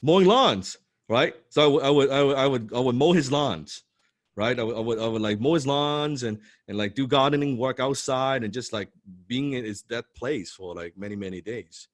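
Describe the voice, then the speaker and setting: A man telling a personal story to an audience, excitable and swearing freely, full of restarts and "right?" tags. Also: mid-range voice, moderate pace, dry recording, clean studio sound. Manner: restarts and repeats words often. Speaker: motivational speaker telling his story. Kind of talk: animated storytelling talk.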